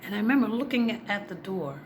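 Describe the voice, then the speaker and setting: A woman's voice: medium pitch, lively intonation, fairly quick. A woman vlogger telling a personal story in a heartfelt, confiding way, speaking directly to her viewers. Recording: noisy background.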